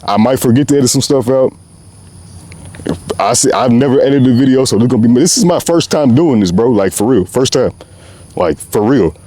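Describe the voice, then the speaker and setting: A young podcast host talks outside with real passion, animated and fairly quick in a warm, medium-pitched voice. It's a loose, unscripted, heartfelt ramble full of slang and repeated "bro"s.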